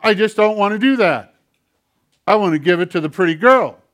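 A man's voice: high voice, lively intonation, fairly quick, fairly bright tone, voice pushed up. A man voicing his own hand as a stubborn, defiant talking puppet that taunts and talks back. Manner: bratty, taunting.

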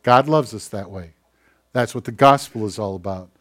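A man preaching a sermon in a conversational way, putting questions to the congregation and swinging from loud exclamations to hushed, quiet lines. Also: lowish voice, moderate pace. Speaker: pastor.

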